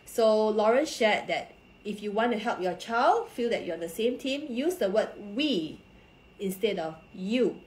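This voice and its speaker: A woman giving parenting advice on a live stream, speaking calmly and explaining step by step while addressing her viewers directly. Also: medium pitch, unhurried. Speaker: parenting coach. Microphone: phone or computer for a social media live stream. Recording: echoey room.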